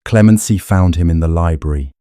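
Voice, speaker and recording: A man narrating a period romance audiobook in a measured storytelling manner. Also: low-pitched, dark tone, clean tone, dry recording, studio quality.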